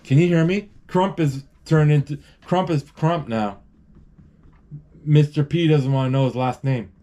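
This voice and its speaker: A man describes a cartoon film live in a casual, rambling way, restarting words and reading out the characters' lines. His voice is a little high, unhurried and warm, and the recording is muffled.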